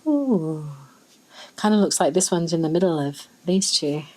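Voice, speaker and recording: A woman with an Australian accent, chatting casually and thinking aloud as she swatches fountain pen inks, with soft musing exclamations. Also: lowish voice, expressive, measured pace, background noise. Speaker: ink swatching vlogger. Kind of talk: casual chat while swatching.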